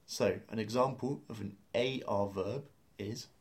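Low-voiced man teaching patiently. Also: measured pace, gravelly. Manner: patient, methodical explanations with spelled-out letters. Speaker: language teacher. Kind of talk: explaining a lesson.

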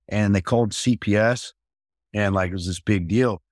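A blunt, foul-mouthed man in his thirties on a podcast, swinging from low and flat to loud and high when he acts out other people. The sound is dry and close, with no room around him. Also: a little fast, no room sound. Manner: blunt, profane, animated, acts out quoted dialogue. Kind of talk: casual podcast conversation.

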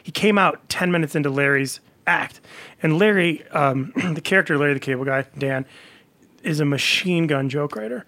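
A man's voice: on the high side, normal speed, pushed and bright. A man telling comedy-world stories in a casual podcast chat, rambling with many fillers. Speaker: comedian guest.

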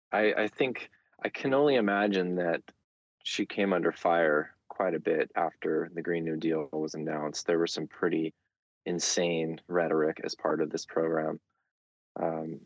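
A man's voice: low voice, steady tone, unhurried, no echo, lo-fi sound. A man speaking as a guest in a conversational interview, thoughtful, with frequent fillers and restarts.

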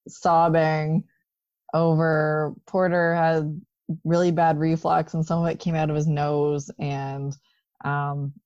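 A woman with a very low voice talks in a casual chat. She speaks in a reflective way and keeps checking in with her listener. The recording is dry and a little dull. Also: little pitch movement, slow, a little mellow, no room sound. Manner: conversational, reflective, often ends with "right?". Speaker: podcast co-host.

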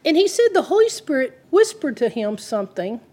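A woman's voice: high voice, big pitch swings, fairly quick, mellow. A woman, telling a story in an earnest, conversational sermon. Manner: earnest, retells the story with quoted dialogue. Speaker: Christian teacher.

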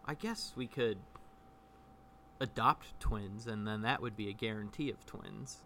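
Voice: mid-range voice, measured pace, sharp tone, slight background noise. A performer in an improvised comedy scene, talking in a flustered, backpedaling way and over-explaining everything.

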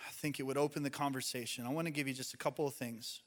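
A man preaching a sermon, an animated storyteller who speaks straight to his congregation. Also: medium pitch, racing. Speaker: pastor.

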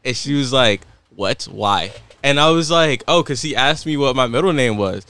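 A man's voice: medium pitch, normal speed, smooth, no echo. A young man co-hosting a podcast, chatting casually and acting out other people's lines as he tells stories. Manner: animated storyteller who acts out other people's lines. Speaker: podcast co-host. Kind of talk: casual chat.

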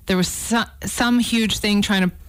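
A woman's voice: medium pitch, fairly even intonation, measured pace, smooth, dry recording. A woman who is a regular on a radio show, chatting casually in a playful, self-deprecating way.

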